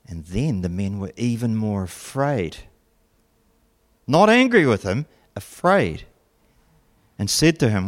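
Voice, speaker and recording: A man's voice: on the low side, very animated, measured pace. A man preaching a sermon, retelling a story with jokey asides and mock voices.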